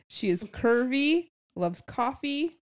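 A woman's voice: sits high, animated, very slow, dry recording. A young woman co-hosting a casual book-review podcast, chatty and giggly, leading the book summary. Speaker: podcast co-host.

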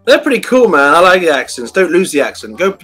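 A man's voice: a little high, fast talker, faint music behind. A man working as an online English tutor, joking and laughing a lot in a casual video call chat. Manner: jokey, animated, laughs a lot.

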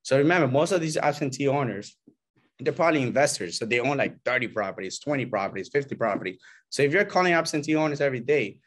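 A realtor with a medium-pitched voice talks at a quick pace, loosely coaching a small group of fellow agents. He is animated, voicing quotes from clients and agents, and checks in often with "right?" and "you know?".

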